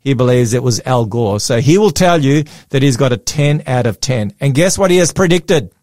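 A man's voice: mid-range voice, expressive, moderate pace, a little mellow, no echo, studio quality. A man co-hosting a casual Christian chat, rambling through stories with frequent restarts and fillers. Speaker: podcast co-host.

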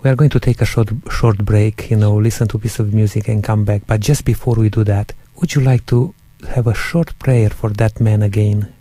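A man hosting an interview, his voice mellow and warm. He speaks in an encouraging way with halting fillers, and the sound is dry. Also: fairly low pitch, steady tone, dry recording. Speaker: host.

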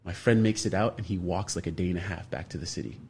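A man from Canada, a guest on a radio show, telling a long story with lively energy and acting out the other people in it. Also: deep voice, fast talker, slight background noise. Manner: animated storyteller, acts out other people's lines.

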